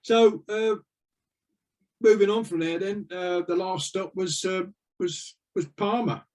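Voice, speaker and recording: A man's voice: high voice, steady tone, unhurried, a little mellow. An older man, a retired navy veteran, telling rambling anecdotes with lots of fillers in an interview. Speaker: interview guest. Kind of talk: casual storytelling.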